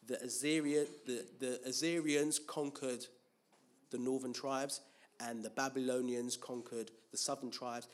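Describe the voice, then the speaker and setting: A man's voice: medium pitch, steady tone, unhurried. A man preaching a Bible teaching sermon, asking rhetorical questions and answering them himself, with frequent restarts and repeated words.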